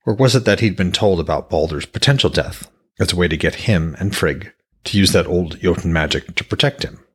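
A man reading his own fantasy novel aloud as podcast host, with steady storytelling. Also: sits low, fairly quick, breathy edge.

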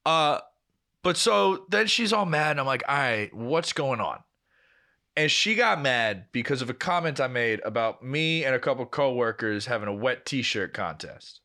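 A man's voice: medium pitch, animated, normal speed, sharp tone. A young man co-hosting a podcast, telling a long, profane story in casual chat and acting out the dialogue as he goes. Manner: rambling, profane storytelling full of quoted dialogue. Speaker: podcast co-host.

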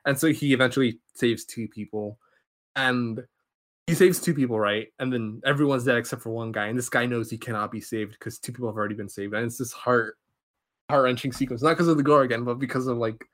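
A man hosting a podcast, casually retelling a film plot in an excitable, rambling way, full of restarts and fillers. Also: mid-range voice, brisk. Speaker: podcast host.

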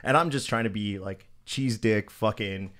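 A man's voice: lowish voice, normal speed, fairly bright tone. A man co-hosting a casual podcast, telling a long story in a loose, profane way. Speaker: podcast co-host.

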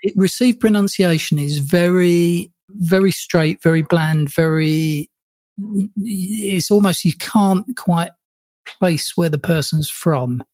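A man's voice: high-pitched, takes it slowly, no room sound. British man with received pronunciation, chatty. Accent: received pronunciation English. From England. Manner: laughs often, relaxed and chatty. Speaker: podcast host. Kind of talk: casual conversation.

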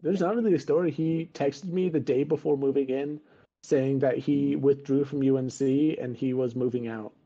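A man's voice: mid-range voice, steady tone, moderate pace, dark tone. Young man rambling on a muffled call. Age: young adult. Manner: rambling storyteller, laughs at himself. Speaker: podcast co-host. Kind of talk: casual chat. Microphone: video call. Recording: dull lo-fi video call audio.

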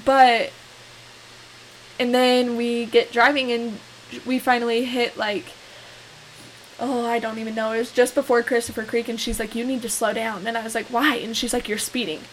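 A young woman in her twenties casually telling a story as podcast co-host, laughing often and animated. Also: a little high, normal speed, poor audio. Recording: faint hiss.

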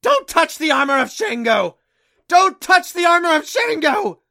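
A shrill old parrot. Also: male voice, sing-song, a little slow, creaky, pushed and bright, heavily acted. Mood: shrill warning. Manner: repeats every warning twice, squawking.

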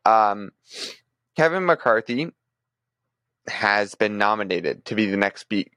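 A man's voice: fairly low pitch, lively intonation, slow pace, pushed and bright, no echo. A man co-hosting a podcast, talking through news in a casual, thinking-aloud way with frequent restarts. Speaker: podcast co-host presenting news.

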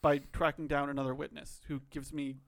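Podcast co-host, male, slightly high voice, thoughtful and rambling. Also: level tone, a little fast, creaky, a bit bright. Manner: thoughtful, musing, many "like" fillers. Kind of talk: casual chat.

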